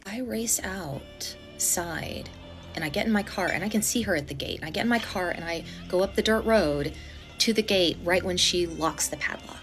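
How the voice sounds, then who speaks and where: A woman telling a personal story in a casual storytime, animated and dramatic, with blunt swearing. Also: mid-range voice, normal speed, faint music behind.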